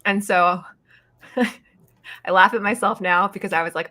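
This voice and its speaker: Expressive woman telling a story. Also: lowish voice, a little fast, pauses often. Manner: expressive storyteller who acts out her own quotes. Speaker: psychic guest. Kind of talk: casual chat.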